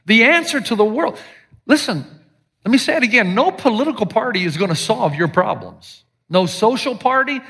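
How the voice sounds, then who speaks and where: A man preaching a sermon as pastor, animated and joking, with sudden shouted lines. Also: sits high, husky. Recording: live sermon with long hall reverb.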